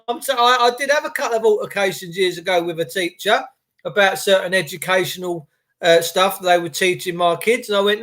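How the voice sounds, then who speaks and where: A middle-aged man, podcasting in a blunt, animated rant and swearing freely. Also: sits high, a little fast. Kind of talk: ranting monologue.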